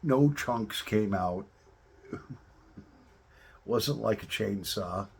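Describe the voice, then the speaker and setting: A man casually chatting to camera as a pipe-smoking vlogger, telling rambling stories in a relaxed way. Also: on the low side, creaky, breathy edge. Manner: relaxed, rambling storytelling with drawn-out pauses.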